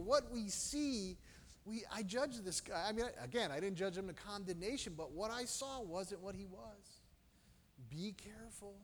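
Male preacher with a high voice, storytelling sermon with sharp swings in loudness, in a reverberant hall. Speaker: pastor.

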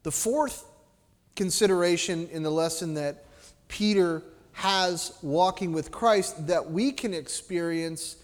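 High-voiced preaching man in a reverberant hall. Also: slow pace. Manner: animated, acts out voices, drops to a soft hush for emphasis. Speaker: pastor. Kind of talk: sermon. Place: church sanctuary. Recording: long reverb of a church hall.

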